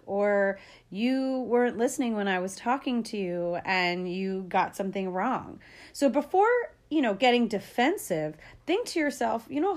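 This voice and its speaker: A woman's voice: fairly high pitch, expressive, normal speed. A woman giving casual parenting advice, chatty and upbeat, with filler words and small laughs, acting out what parents and kids might say. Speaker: parenting educator.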